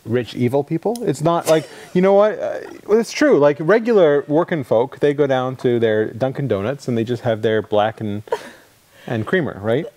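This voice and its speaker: A man's voice: mid-range voice, expressive, normal speed, a little mellow. A man hosting a casual gadget review chat, jokey and rambling. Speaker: podcast host.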